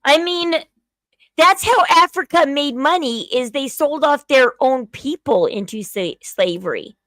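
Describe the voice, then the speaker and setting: Middle-aged woman streamer, high pitch, rambling casual talker, dry close sound. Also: lively intonation, a little slow, fairly bright tone, no room sound. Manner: rambling, many fillers and restarts. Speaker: streamer host. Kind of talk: casual livestream chat.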